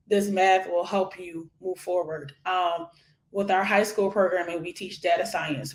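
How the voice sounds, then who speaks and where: A woman from Philadelphia in her forties, an education nonprofit founder giving an energetic, animated interview and laughing often. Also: medium pitch. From Philadelphia, USA. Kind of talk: conversational interview. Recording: echoey room.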